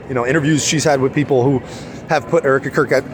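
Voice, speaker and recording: A man's voice: medium pitch, steady tone, fast, noisy background. A man venting in a casual vlog outdoors, heated and rambling, full of restarts and rhetorical questions. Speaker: vlogger.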